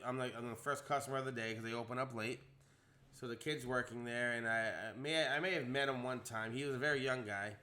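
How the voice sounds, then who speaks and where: Young male co-host, bright tone, mid pitch; animated storyteller who acts out every quote. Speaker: podcast co-host telling a story. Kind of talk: casual storytelling chat.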